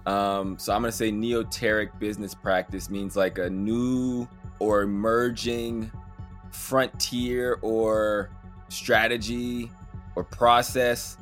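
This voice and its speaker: Animated man co-hosting a quiz. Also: medium pitch, slow, soft background music. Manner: laughing, animated, reads quiz definitions. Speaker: podcast co-host. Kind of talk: casual chat.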